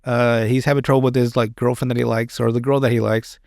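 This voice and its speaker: A man chats on a podcast in a loose, rambling way. He swears freely and restarts his sentences often. His voice sits at an ordinary middle pitch and sounds close and dry, with no room behind it. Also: little pitch movement, fast, vocal fry, a little mellow, no echo. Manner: rambling and profane, with many restarts. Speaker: podcast host. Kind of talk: casual chat.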